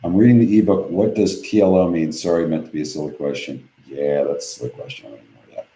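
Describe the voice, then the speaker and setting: A man's voice: sits low, fairly even intonation, quick pace, warm tone, echoey room, rough recording. A man hosting a live webinar from home, reading viewer questions aloud and answering them bluntly and offhand. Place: home office.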